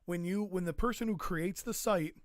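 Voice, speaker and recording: A man's voice: high voice, moderate pace, no echo, studio quality. A man co-hosting a casual podcast, ranting and swearing freely about an online forum. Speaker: podcast co-host. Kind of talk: casual chat.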